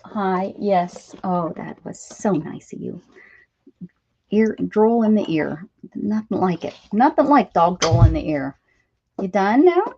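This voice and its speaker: An American woman hosts a casual crafting livestream, chatting as she works and using baby-talk with her cat. Her mid-range voice is warm and lively in intonation, and she takes things slowly. The recording has its highs cut off and a little hiss or hum.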